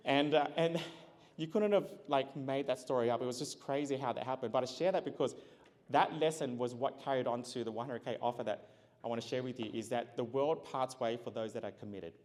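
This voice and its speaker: Animated male keynote speaker in a reverberant hall. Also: medium pitch, fairly quick. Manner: animated, acts out dialogue, laughs often. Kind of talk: motivational storytelling keynote. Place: large event hall.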